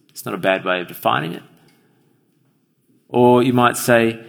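A man delivers an evening sermon, his husky voice rising and falling with plenty of movement. He earnestly puts questions straight to the congregation, and his words ring out with the long reverb of a large church hall. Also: medium pitch, sing-song, a little fast, a bit bright. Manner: earnest, asks the listeners questions directly. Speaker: preacher.

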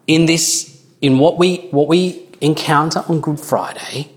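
A man preaching a sermon in an earnest, measured way, with small restarts. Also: mid-range voice.

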